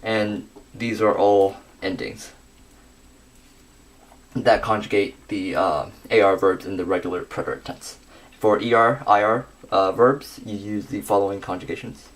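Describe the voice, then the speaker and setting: A young man giving a scripted grammar lesson, working through verb endings slowly and methodically. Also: fairly low pitch. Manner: methodical, reads conjugations slowly with pauses.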